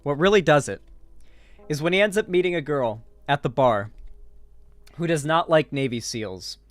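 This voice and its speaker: A man's voice: fairly high pitch, lively intonation, moderate pace, dry recording. A man giving casual, sarcastic commentary, profane and full of fillers and restarts. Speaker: online commentator. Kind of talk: casual political commentary, recapping a movie.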